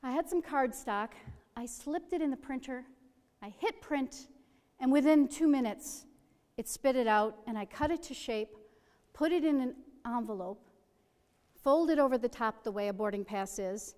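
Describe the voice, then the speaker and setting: A middle-aged woman with a slightly high voice tells a personal story gently and with humor. Her voice carries a long, ringing reverb, as if she were heard in a big hall. She unfolds the tale at an easy storytelling pace. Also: a little slow.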